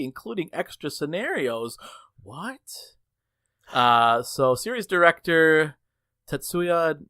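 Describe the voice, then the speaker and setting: A man hosting a podcast, telling a work story in casual chat, acting out the people he quotes. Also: dry recording. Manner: animated storyteller, acts out quotes with big pitch jumps. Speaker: podcast host.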